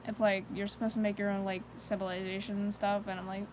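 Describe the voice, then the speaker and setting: A woman's voice: mid-range voice, little pitch movement, fast, background noise. A woman chatting casually on a live stream, rambling from thought to thought with plenty of "like" fillers and nervous little laughs. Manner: rambling, heavy use of "like" fillers; nervous self-conscious laughter between thoughts.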